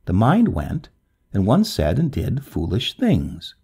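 A man narrating a classic tale in an expressive, swooping storybook delivery. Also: lowish voice, takes it slowly, vocal fry, husky.

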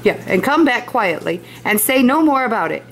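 A woman reading aloud, voicing a gentle but strict pioneer mother who speaks quietly and evenly. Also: on the high side, very animated, gravelly, heavily acted, low-quality recording. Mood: stern. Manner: quiet and measured.

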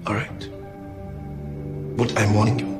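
A man's voice: on the low side, monotone, a little slow, over loud music, close to an everyday voice. An actor playing a threatening male gangster boss in a film, speaking in blunt, menacing threats. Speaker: film character. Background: loud film score.

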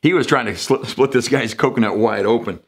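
Guy pastor preaching sunday sermon, chatty, mid pitch, does little voices for the bible folks. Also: brisk, breathy edge. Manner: conversational, jumps into quoted voices for emphasis. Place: church sanctuary.

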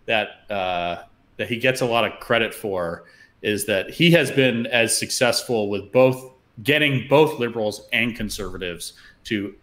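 A man with a somewhat low voice talks as a guest in a relaxed interview. He muses his way through anecdotes and ideas, pausing often with filler sounds as he gathers his thoughts. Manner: thoughtful, storytelling, many "uh" fillers. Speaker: podcast guest, fund founder. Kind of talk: casual interview chat.

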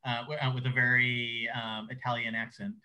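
A man's voice: mid-range voice, level tone, normal speed, pushed and bright, low-quality recording. A man hosting a casual interview, stuttering with many repeated words and fillers. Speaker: interview host.

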